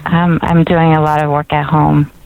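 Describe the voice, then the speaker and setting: Woman caller, hesitant, low gravelly voice, tinny phone line. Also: flat delivery, normal speed. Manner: hesitant, short answers with fillers.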